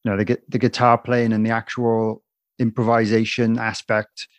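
A man's voice: fairly low pitch, monotone, normal speed, no room sound. A man interviewing a musician in casual chat, enthusiastic and rambling, calling him man.

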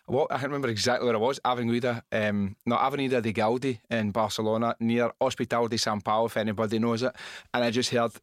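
A man's voice: mid-range voice, fairly even intonation, fast talker, few pauses, no room sound. A man with a Scottish accent hosting a casual interview, telling jokey stories with dry humour and casual swearing. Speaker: podcast host.

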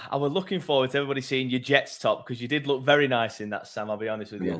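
A man's voice: medium pitch, fast talker, a bit bright. A man, casually hosting a football fan podcast and reading out listener comments. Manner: chatty, reads out listener comments. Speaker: podcast host.

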